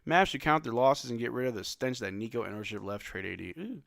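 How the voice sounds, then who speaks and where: A man hosting a late-night live stream watch-along, calling plays in a casual way and swinging between flat dismay and sudden shouts while he is sleepy. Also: mid-range voice, quick pace, creaky, dry recording, studio quality. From New Zealand. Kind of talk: casual play-by-play and chat.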